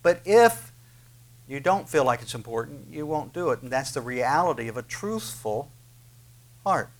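A man's voice: medium pitch, sing-song, normal speed. A man preaching a sermon, earnest and questioning, with frequent filler sounds as he reads and explains scripture. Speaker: pastor.

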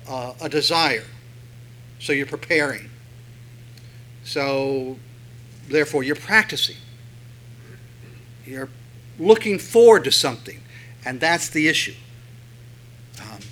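A man preaching a sermon in a conversational way, asking rhetorical questions and swelling louder when he reads scripture. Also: medium pitch, poor audio. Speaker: pastor.

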